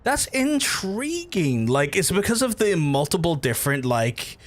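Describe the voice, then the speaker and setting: Very animated and fairly high-pitched, this Northern Irish man with a Belfast accent talks at normal speed while hosting a livestream. He chats casually with his viewers, swears freely, and keeps restarting his sentences.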